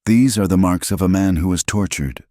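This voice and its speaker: An educated frontier doctor stands up to a bully with crisp, cutting words, as a deep-voiced man reads her. The voice is only a little lifted from his low register, and the sound is close and dry. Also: normal speed, mellow, dry recording, close to an everyday voice. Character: sharp educated woman doctor, unafraid.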